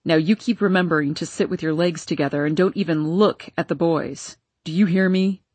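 A woman voicing a strict, overbearing father who speaks in a loud, commanding way. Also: deep voice, a little fast, dry recording, voice pushed down. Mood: stern.

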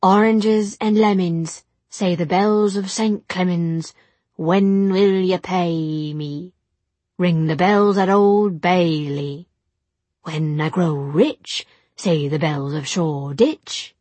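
A woman's voice: on the low side, mellow, dry recording. A woman voicing a hoofed creature chanting a rhyme. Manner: slow sing-song chanting. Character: short twisted hoofed male creature, feverish, endlessly chanting. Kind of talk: audiobook reading.

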